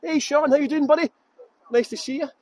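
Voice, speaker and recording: Chatty high-voiced Scottish man. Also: fairly even intonation, fairly quick, a little mellow. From Scotland. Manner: chatty, upbeat, greets viewers by name. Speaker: tour guide host. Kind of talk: live virtual tour chat.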